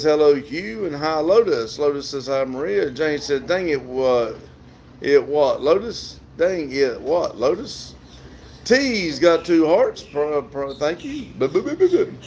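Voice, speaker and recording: A middle-aged man from the southern United States, with a Southern accent and a slightly high, slightly mellow voice over a faint hiss or hum, hosts a casual outdoor livestream. He reads viewer comments aloud and laughs often.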